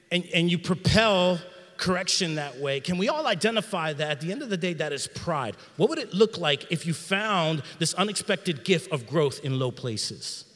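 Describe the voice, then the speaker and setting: A middle-aged man preaching a sermon in a church sanctuary, in an energetic, conversational style with slang. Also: high-pitched, big-room sound. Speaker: pastor.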